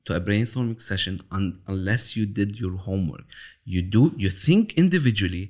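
A man with a fairly low voice talks through his ideas in an interview. He speaks thoughtfully, with frequent pauses, restarts and slowed-down emphasis. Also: sing-song, darkish tone. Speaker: interview guest, author of a love system. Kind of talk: reflective storytelling interview.

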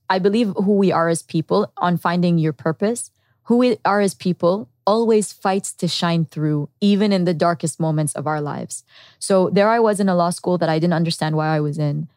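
A woman's voice: on the low side, darkish tone, no room sound, studio quality. A woman guest on a podcast, earnestly and candidly telling her personal story and acting out her past thoughts. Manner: earnest and reflective, with quoted inner thoughts.

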